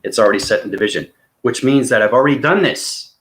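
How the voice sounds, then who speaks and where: The man's mid-range, fairly bright voice moves at a quick pace as he vlogs. A spiritual vlogger, he rambles intensely and earnestly, often pausing to ask viewers "okay?" or "right?".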